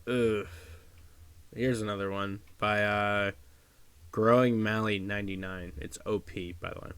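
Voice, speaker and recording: A man's voice: on the low side, steady tone, measured pace, fairly bright tone, smooth, no room sound. A man giving casual, profane commentary, sarcastic and openly disgusted. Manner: disgusted, sarcastic, swears a lot. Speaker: commentary vlogger.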